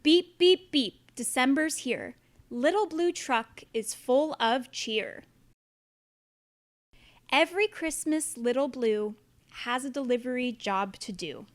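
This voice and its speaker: A woman's voice: high-pitched, lively intonation, slow, dry recording. A woman reading a children's picture book aloud in a playful, bouncy manner. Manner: playful, bouncy, with animal noises. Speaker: storybook reader. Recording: dry and close.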